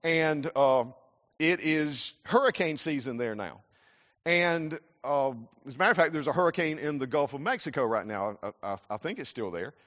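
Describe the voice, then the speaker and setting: A man's voice: on the high side, animated, moderate pace, a bit bright. A man from South Carolina, preaching a sermon earnestly, often repeating words as he restarts. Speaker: pastor. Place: church sanctuary. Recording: muffled church hall with long reverb.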